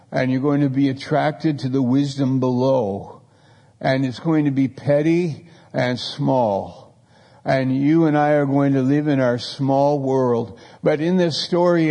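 A man's voice: medium pitch, warm tone, in a large hall. A man preaching a sermon, telling stories in a conversational way and acting out the people in them. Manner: storytelling, conversational preaching with acted quotes. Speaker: pastor.

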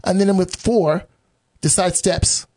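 A man talks through a Bible passage in a relaxed conversational style, with a lively pitch that jumps up for emphasis. He repeats phrases, restarts sentences, and acts out imagined replies from God. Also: measured pace. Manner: animated, acts out God's voice in quotes. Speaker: pastor or Bible teacher.

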